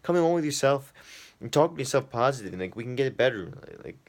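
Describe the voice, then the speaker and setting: An earnest young man delivers a rambling motivational monologue, stumbling over repeated words as he works out his thoughts aloud. His voice sits at an ordinary middle pitch for a man. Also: expressive, quick pace. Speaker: podcast host.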